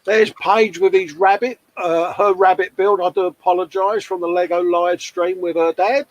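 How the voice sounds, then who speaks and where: A man's voice: sits high, steady tone, moderate pace, no room sound, muffled recording. A man, hosting a casual model-building live show in a chatty, jokey way, often calling people mate. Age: 40s. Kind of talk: casual chat. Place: hobby workbench.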